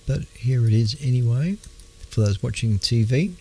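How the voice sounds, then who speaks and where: An Australian man hosting an astronomy radio show, talking in a halting, casual way with many fillers, clearing his throat as his voice wears out. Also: mid-range voice, lively intonation, dark tone. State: losing his voice. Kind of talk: casual astronomy news talk.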